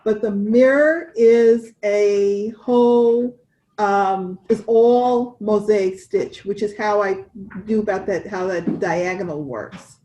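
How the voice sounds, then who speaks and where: Woman co-host, unhurried, rambling friendly stitch talk. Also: mid-range voice, warm tone, highs cut off. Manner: chatty, wandering, with restarts and laughs. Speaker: cross-stitch podcast co-host. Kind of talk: casual chat showing stitching.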